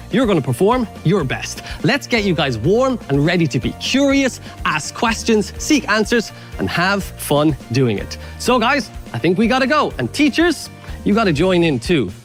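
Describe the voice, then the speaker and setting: An Irish man presenting science to children, leading an energetic, playful warm-up with jokes and instructions. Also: sits high. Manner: upbeat, playful, joking instructions.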